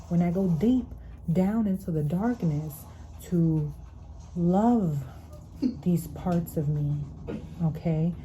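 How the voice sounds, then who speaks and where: Woman doing a tarot reading, earnest and repetitive, lowish dark mellow voice, sighs now and then, faint hiss behind. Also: poor audio. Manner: earnest, repeats phrases, adds "okay?" to draw the listener in. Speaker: tarot reader. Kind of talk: spiritual tarot reading monologue.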